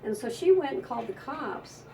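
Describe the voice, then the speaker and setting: A woman's voice: high-pitched, big pitch swings, normal speed, gravelly, warm tone, distant mic, slight background noise, poor audio. A woman psychic telling an emotional, rambling story in a conversational interview, often restarting her sentences.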